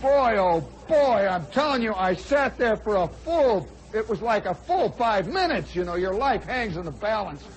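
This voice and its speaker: A man in his forties, a radio host telling a comic personal story in an animated way, now and then shouting for effect. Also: high-pitched, moderate pace, hardly any pauses, poor audio. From United States. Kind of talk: spoken storytelling monologue. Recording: old radio broadcast with faint crowd and noise.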